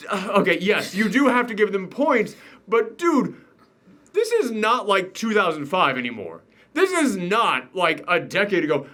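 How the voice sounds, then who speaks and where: A man's voice: high voice, huge pitch swings, moderate pace, sharp tone. A man hosting a casual movie review chat, joking and emphatic as he rants. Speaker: show host.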